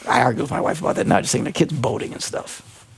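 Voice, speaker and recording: An older man hosting a radio talk show, in casual studio chat, delivering exasperated, animated rants broken by laughter. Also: medium pitch, quick pace, gravelly, breathy edge.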